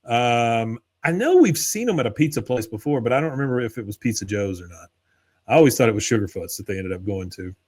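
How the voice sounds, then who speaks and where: A man's voice: mid-range voice, expressive, fast talker, a little mellow. Laid-back man recapping a cartoon. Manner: laid-back storyteller, acts out quoted lines. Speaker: podcast co-host. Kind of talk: casual chat recapping an episode.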